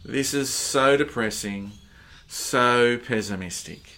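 A man preaching a sermon, slow and emphatic, pushing hard on key words. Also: mid-range voice, pushed and bright.

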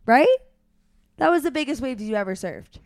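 A woman's voice: high voice, expressive, moderate pace, dry recording, studio quality. Eager mother prompting her son. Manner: eager, prompting with "right?" questions; acts out voices while retelling. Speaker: parent interviewing her son. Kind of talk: casual storytelling chat.

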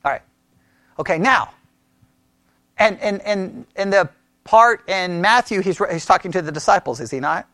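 A man leading a casual Bible study, thinking aloud with restarts and animated questions to the group. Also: high voice, moderate pace, long pauses, no room sound, studio quality.

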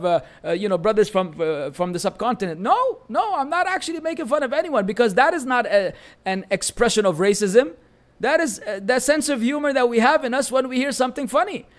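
High-voiced Lebanese-accented man, bantering. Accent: Lebanese Arabic. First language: Arabic. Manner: animated, bantering, frequent Arabic phrases, searches for words. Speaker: Islamic teacher answering viewer questions. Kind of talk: live-stream Q&A reading chat comments.

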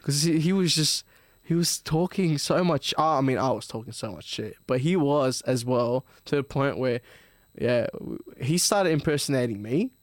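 A man's voice: medium pitch, expressive, moderate pace, no echo. Rambling man with dry sound. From Melbourne, Australia. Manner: rambling, profane storyteller. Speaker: podcast guest. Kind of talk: casual chat.

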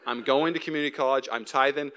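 A man's voice: mid-range voice, fairly even intonation, fast talker, fairly bright tone, clear, resonant tone, lightly acted. A man voicing an indignant, judgmental young churchgoer in a mock New Jersey accent. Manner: indignant, scolding.

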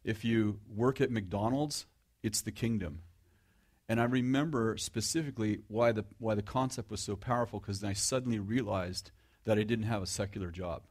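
With a fairly low pitch and normal speed, a middle-aged man preaches in an easygoing, conversational sermon. His humor is sarcastic and self-mocking, and he repeatedly restarts sentences and turns to question his audience.

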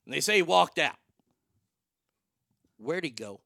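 A man's voice: a little high, expressive, measured pace, vocal fry, pauses often, bright, forceful tone, dry recording, studio quality. A man hosting a talk show, riffing in casual, irreverent, joking banter.

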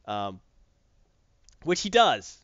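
A man in casual chat, retelling a comic story in a rambling, animated way with lots of fillers. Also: a little high, very slow, dry recording, highs cut off.

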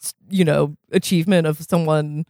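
A woman's voice: low-pitched, steady tone, normal speed, a little mellow, no echo, studio quality. A young adult woman co-hosting a podcast in casual chat, laughing easily and restarting her sentences often. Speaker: podcast co-host.

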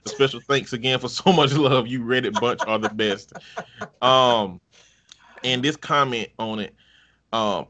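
Male host, bright forceful voice, wry and profane story reader. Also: medium pitch, measured pace. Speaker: podcast host reading online stories. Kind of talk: casual story reading.

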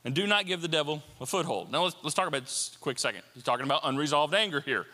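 A man preaching a sermon as a pastor, animated and playful, with jokes and asides. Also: a little high, fast. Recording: long hall reverb.

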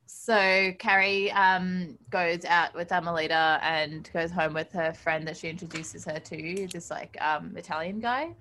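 A woman's voice: fairly low pitch, steady tone, unhurried, few pauses, pushed and bright. A young woman co-hosting a podcast, rambling through stories, apologizing and laughing in casual chat. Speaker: podcast co-host.

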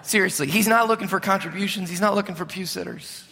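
A man preaching a sermon as a pastor, impassioned, swinging between loud and hushed. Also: high-pitched, quick pace, creaky. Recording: preached in a reverberant hall.

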